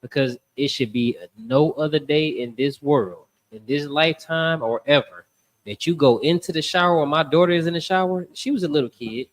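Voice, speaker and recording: A man hosting a casual podcast, telling stories in an animated way and acting out the voices of the people in them. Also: fairly high pitch, normal speed. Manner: animated storytelling, acts out voices. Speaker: podcast host.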